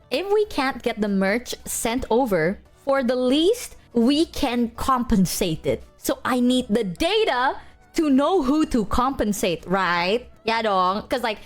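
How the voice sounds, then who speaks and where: A woman with a fairly high voice talks casually to her stream viewers. She rants in an emphatic, animated way, swearing freely as she goes. Soft music plays faintly behind her.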